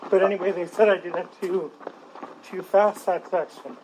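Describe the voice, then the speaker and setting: A woman casually recounting her driving test attempts in a quick, chatty way. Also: lowish voice, fairly even intonation, darkish tone, slight background noise, poor audio. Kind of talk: casual conversation.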